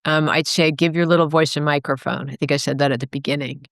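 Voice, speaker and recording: A woman's voice: low-pitched, fairly even intonation, fast, dry recording, studio quality. A middle-aged woman, a guest author, talking earnestly and reflectively in an interview, rambling a little and correcting herself as she goes. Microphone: remote call microphone.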